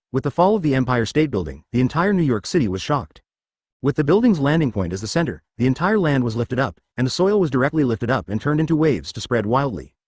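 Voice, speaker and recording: A man's voice: medium pitch, darkish tone, dry recording, studio quality. A man reading a web novel aloud as narrator, dramatic with stiff translated phrasing.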